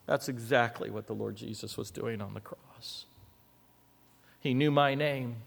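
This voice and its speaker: A man preaching a sermon, reading scripture aloud with asides and swinging dramatically between loud and hushed. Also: medium pitch, unhurried, creaky. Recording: long hall reverb.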